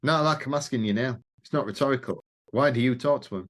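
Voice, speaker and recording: A man's voice: mid-range voice, quick pace. A middle-aged man, a podcast guest telling stories in casual conversation and acting out the dialogue he quotes. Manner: animated, acts out quoted dialogue, swears casually. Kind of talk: conversational storytelling.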